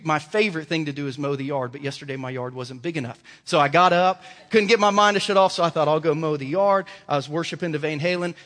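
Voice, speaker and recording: High-pitched animated male preacher. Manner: animated, storytelling, emphatic. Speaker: pastor. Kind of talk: sermon. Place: church sanctuary. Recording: reverberant church hall.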